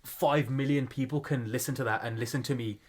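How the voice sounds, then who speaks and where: A man's voice: mid-range voice, fairly even intonation, a little fast. Young man, casual, chatty, self-mocking, laughs between phrases, podcast co-host.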